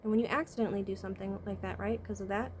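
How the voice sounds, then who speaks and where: A woman's voice: medium pitch, steady tone, rapid-fire, slight background noise. A woman vlogger talking casually to camera and giving life advice. She asks rhetorical questions, checks in with "right?", and hums "mm-hmm" as she thinks. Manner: hums "mm-hmm" often while thinking aloud. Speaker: vlogger and spiritual consultant.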